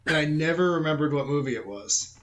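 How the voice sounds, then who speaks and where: A man joins a film podcast as a guest, his voice sitting slightly high for a man. He talks with enthusiasm and laughs often. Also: animated, brisk. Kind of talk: casual film podcast chat.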